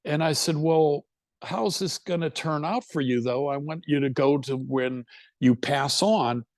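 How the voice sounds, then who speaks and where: A man's voice: fairly high pitch, a little slow, no room sound. A man, a hypnotherapist, telling a session story at a talk, rambling and quoting himself and his client. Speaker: hypnotherapist speaker. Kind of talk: recounting a case at a talk.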